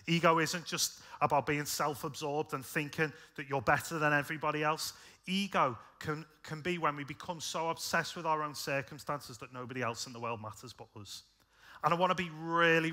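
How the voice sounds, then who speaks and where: A British man preaching a sermon, conversational and earnest, rising in force then dropping soft. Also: on the high side. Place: church.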